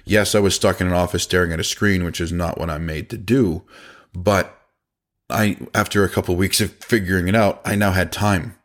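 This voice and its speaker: A man with a very low voice talks through a casual podcast monologue about running his company. He is blunt and plain-spoken, swears freely, and slips into quick impressions of his staff. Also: steady tone. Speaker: business owner and podcast host.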